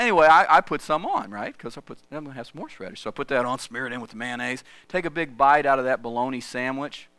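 A middle-aged man delivers a sermon in a chatty, storytelling way. His voice is bright and smooth, recorded close and dry with no room sound. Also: medium pitch, quick pace, hardly any pauses, no echo. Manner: conversational, lively storytelling. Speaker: pastor. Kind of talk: sermon with personal stories.

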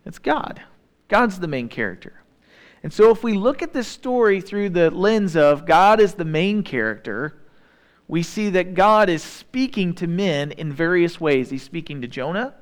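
A man preaches a sermon in a loose, conversational way, retelling the story and putting questions to his listeners. His voice sits a little on the high side for a man. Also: lively intonation, normal speed. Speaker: pastor.

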